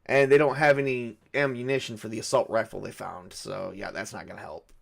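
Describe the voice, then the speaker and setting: A man's voice: lowish voice, fairly even intonation, a little fast, gravelly. A man narrating a solo tabletop game, thinking aloud with frequent hesitations and fillers. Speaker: game master and solo player.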